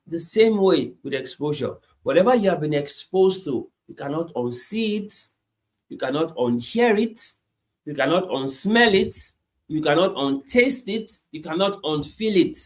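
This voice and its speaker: Guy preaching, kinda high voice, goes from hushed to shouting, keeps repeating himself. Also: expressive, unhurried. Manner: repetitive, emphatic, swings from hushed to shouting. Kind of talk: sermon.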